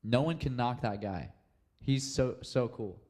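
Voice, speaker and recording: A man's voice: medium pitch, unhurried. A young man hosting his own podcast alone, chatting casually and rambling with lots of "um" and "like.". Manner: rambling, relaxed, heavy on fillers like "um" and "like". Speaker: podcast host. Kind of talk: casual solo podcast chat.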